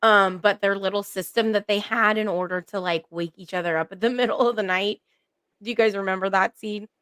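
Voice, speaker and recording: A woman's voice: mid-range voice, steady tone, fairly quick, fairly bright tone, clear, resonant tone, dry recording. A woman hosting a casual chat, upbeat and laughing often.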